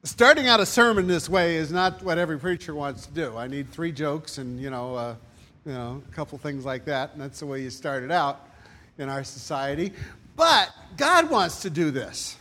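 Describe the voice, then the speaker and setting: Male pastor, conversational sermon, light humor, slightly raised pitch. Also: animated, normal speed, pushed and bright. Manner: conversational, joking preacher.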